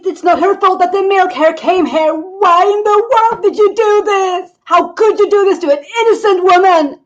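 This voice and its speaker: A woman doing a frantic shouting woman professor. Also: very high voice, takes it slowly, pitched above the performer's own voice. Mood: enraged. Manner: shouting and pleading. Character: desperate grieving woman professor, furious and tearful. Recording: dull lo-fi audio.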